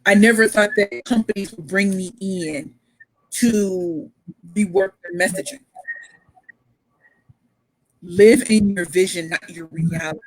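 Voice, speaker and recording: A woman pitch coach telling her story as a motivational speaker, emphatic and repeating phrases for effect. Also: lively intonation, takes it slowly, pauses often, no echo, low-quality recording.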